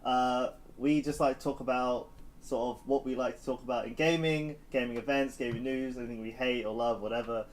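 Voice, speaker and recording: A man's voice: medium pitch, fairly even intonation, fairly quick, rough recording. A young man hosting a gaming podcast, chatting casually with lots of restarts and laughter. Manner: rambling, laughs often, many restarts. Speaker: podcast host. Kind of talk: casual chat.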